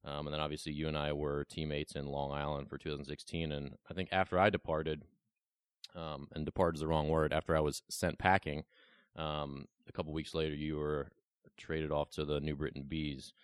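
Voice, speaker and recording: A man's voice: very deep voice, little pitch movement, fairly quick, clean tone, dry recording. A young man hosting a casual podcast interview, teasing his guest with joking banter. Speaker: podcast host. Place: Bloomington, Illinois, remote call.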